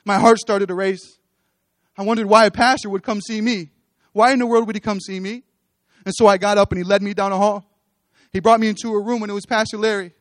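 A man's voice: high voice, fairly even intonation, brisk, dry recording, studio quality. A man with children giving an earnest testimony sermon on a church stage, repeating his phrases as he builds toward exhortation. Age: adult, with children.

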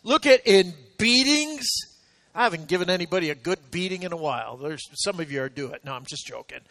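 A man's voice: high voice, very animated, a little fast, sharp tone, no room sound. A man preaching a sermon to a congregation, reading scripture with rising emphasis, breaking off for joking asides and urging the people to say amen. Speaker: pastor.

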